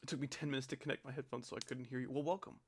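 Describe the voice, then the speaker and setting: A man's voice: medium pitch, little pitch movement, racing, a little hiss or hum. A young man rambles through a casual stream, dry and sarcastic. His talk drifts from greeting viewers to teasing slang he finds silly. He speaks close to a desk mic.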